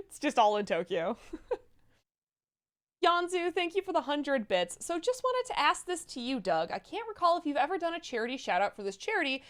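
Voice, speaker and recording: A woman co-hosting a casual livestream chat, reading out viewer messages. Her voice is a little high and swings up and down with animated energy, and she breaks into quick laughs between lines. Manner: reads donor messages aloud with quick laughs.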